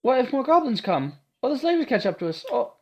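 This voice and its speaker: A meek young woman traveler, voiced by a man in a raised voice, speaks in halting, stammering phrases. She sounds unsure of herself as the visual novel is read aloud. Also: extremely high pitch, big pitch swings, a little mellow, pitched above the performer's own voice, exaggerated voice. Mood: timid. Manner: hesitant, stammering.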